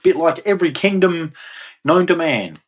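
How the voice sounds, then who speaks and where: A man's voice: on the high side, animated, normal speed, husky, dull audio. A man giving an emphatic, repetitive monologue, swearing and acting out quoted voices as he goes. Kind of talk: ranting monologue.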